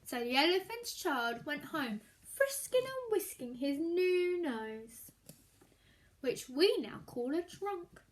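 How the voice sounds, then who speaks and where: Expressive woman reading a children's story. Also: high voice, slow. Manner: expressive, explains words for children. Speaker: storytime reader.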